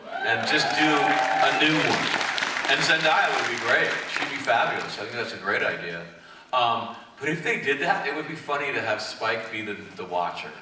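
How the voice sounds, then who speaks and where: A man's voice: mid-range voice, pushed and bright. A man as a guest actor on a fan panel, answering questions in a rambling, self-deprecating way with many fillers. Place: large convention hall. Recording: echoey hall, far from mic, noisy.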